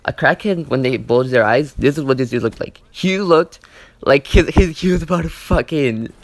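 A man's voice: fairly high pitch, normal speed, no echo. A young man telling a story in a casual, rambling way, swearing often and filling his talk with "like" and "you know.". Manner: rambling, profane, heavy use of "like" and "you know". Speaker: gaming channel host. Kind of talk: casual storytime over gameplay.

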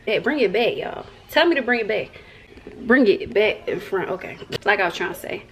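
A young Southern woman talks casually to the camera at home, joking with her viewers as if they were old friends. Her voice sits at a middle pitch and stays loose and playful. A faint noise with a few clicks runs under the recording. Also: animated, fairly quick, fairly bright tone. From American South. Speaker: vlogger.

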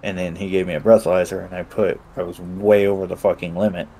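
A man's voice: sits low, flat delivery, fast talker, warm tone, poor audio. A man casually recounting a roleplay session, acting out both sides of the conversation and swearing freely. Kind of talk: casual chat.

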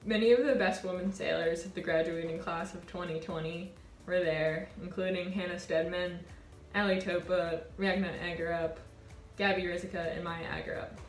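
A woman in her twenties, a college sailor, telling a reflective personal story in an earnest, warm way. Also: on the low side, steady tone, moderate pace, hardly any pauses, roomy sound, faint music behind. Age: 20s. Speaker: college sailor and award winner.

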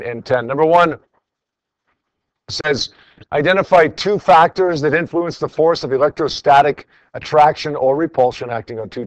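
A man's voice: mid-range voice, no echo, dull audio. A man teaching a classroom lesson, going over homework in a conversational way and calling on students by name.

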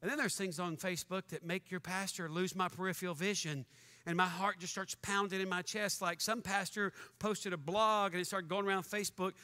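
A man preaching as pastor, animated and mock-angry, joking with his congregation in a church. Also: high voice. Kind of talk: fiery sermon. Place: church sanctuary. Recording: long church hall reverb.

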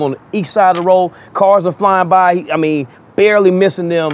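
A man's voice: sits high, fairly even intonation, normal speed. A man working as a DJ tells a wild story in a casual, profane way, chuckling as he goes. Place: outdoors in a city.

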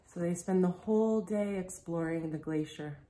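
A woman reading a picture book aloud to children, gently explaining as she goes and asking them questions. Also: lowish voice. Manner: gentle, slow storytelling, speaking directly to children.

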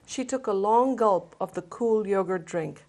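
Brief: woman novelist from India, mid-range voice, gives an expressive reading. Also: medium pitch, unhurried. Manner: hesitant intro, then lively expressive reading. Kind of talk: reading fiction aloud to an interviewer.

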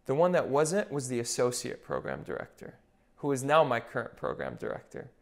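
A man's voice: mid-range voice, fairly quick, creaky. A young man, a podcast guest who works as a nurse anesthetist, telling stories in casual chat and acting out what others said. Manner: animated storyteller who quotes what others said.

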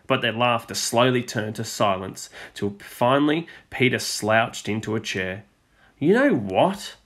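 A male teacher reading a children's storybook aloud with expressive storytelling, dropping his voice on the speech tags. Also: fairly low pitch, measured pace.

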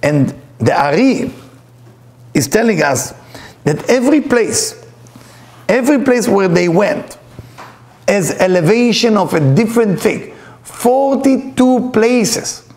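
A middle-aged man, a spiritual teacher, giving a storytelling lecture in animated English with non-native grammar. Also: high-pitched, slow, long pauses. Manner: animated, acts out voices in his stories.

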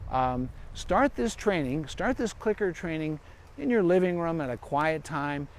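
Brief: male vet, fairly high voice, rambling casual live Q&A in a park, lots of fillers. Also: lively intonation, measured pace. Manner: chatty and rambling, with asides and fillers. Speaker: veterinarian giving dog training advice. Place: outdoors in a park.

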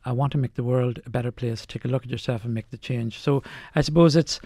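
A man's voice: medium pitch, fairly even intonation, warm tone, no room sound, clean studio sound. Man telling stories on radio. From Ireland. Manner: anecdotal, unhurried, lists points. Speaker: interview guest, doctor. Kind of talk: radio interview, storytelling.

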